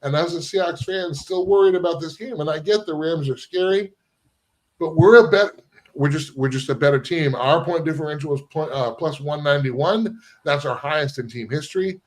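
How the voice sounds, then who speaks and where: A man's voice: fairly high pitch, normal speed. Man hosting a sports talk show. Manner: asks questions, cites stats from notes. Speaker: host.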